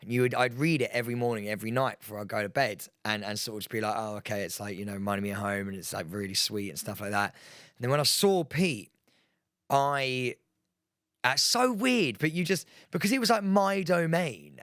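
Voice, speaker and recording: Guy rambling excitedly on a podcast, mid pitch, dry close mic. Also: fairly quick, dry recording. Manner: excitable, rambling storyteller with many fillers. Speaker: podcast co-host. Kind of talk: casual chat. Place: podcast studio.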